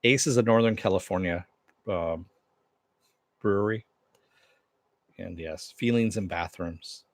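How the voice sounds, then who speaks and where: Low-voiced man chatting casually, dry sound. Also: unhurried, dry recording. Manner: rambling, loose, with many fillers and restarts. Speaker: show host. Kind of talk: casual live-stream chat with viewers.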